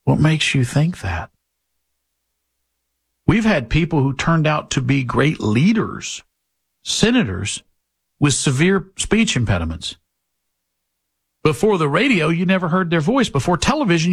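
A man hosting a political talk show gives his listeners a blunt, lecturing monologue, mocking people in high put-on voices. He speaks a little slowly with long pauses, his creaky, slightly rough voice swinging widely in pitch.

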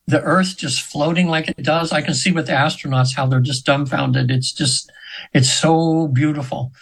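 A man's voice: mid-range voice, a bit bright, rough recording. A man in his seventies, a hypnotherapist telling a story as a guest in an interview, earnest and rambling with many restarts. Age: 70s.

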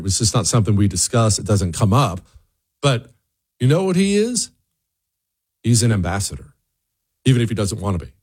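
A man's voice: lowish voice, darkish tone, slightly rough. A man hosting an opinion monologue, preachy and emphatic, often restarting his words. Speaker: commentary host.

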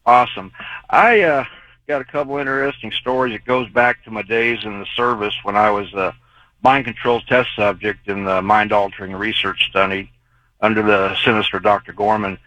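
Forceful low-voiced male radio caller. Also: steady tone, normal speed, dry recording, rough recording. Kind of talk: call-in storytelling.

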